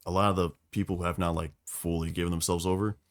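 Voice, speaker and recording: A man talks through lore on a casual podcast, swearing freely and acting out quotes as he tells the story. His voice sits a little low. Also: fast. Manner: profane, animated storytelling with acted quotes. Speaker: podcast host explaining lore.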